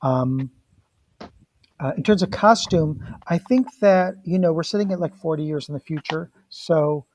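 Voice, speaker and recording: A man's voice: fairly high pitch, normal speed, darkish tone, slight background noise, rough recording. A man directing a casual production meeting over a video call, explaining plans in an easygoing, reassuring way.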